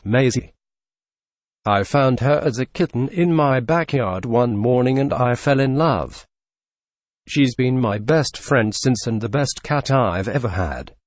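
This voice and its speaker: A man narrating a story read from an online forum, in an expressive voice-over with sarcastic asides. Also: medium pitch, no room sound. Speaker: narrator reading a reddit story.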